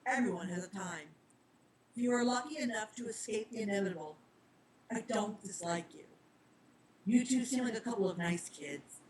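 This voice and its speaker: A stern male reaper of death who speaks slowly and formally, calm even when he delivers hard news, in a storybook reading, with a woman reading his lines. A faint hiss of noise sits under the voice. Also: mid-range voice, close to an everyday voice, low-quality recording. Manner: measured, formal, slow.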